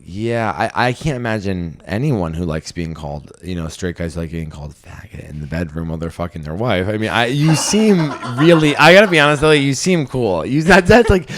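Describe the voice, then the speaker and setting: A young man hosting a comedy podcast, reading listener stories in casual chat with crude, teasing remarks and sudden excited jumps. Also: medium pitch, slight background noise.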